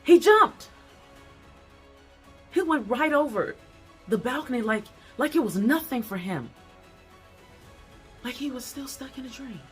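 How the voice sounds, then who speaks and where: An actor performing a dramatic monologue as a distraught person haunted by a partner's leap, speaking in halting phrases broken by heavy sighs. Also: sits high, lively intonation, faint music behind. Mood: shaken, numb. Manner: halting, breaks off mid-sentence, heavy sighs.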